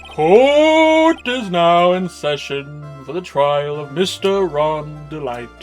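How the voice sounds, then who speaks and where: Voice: medium pitch, lively intonation, slow, faint music behind. A performer voicing a flustered old judge. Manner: easily flustered, indignant. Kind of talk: fan dub of a video game.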